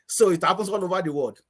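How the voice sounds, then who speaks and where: Antiguan man, high-pitched, rambling anecdotal guest on a call. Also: a little fast, slightly rough. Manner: storytelling, repeats words, laughs often. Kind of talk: casual chat.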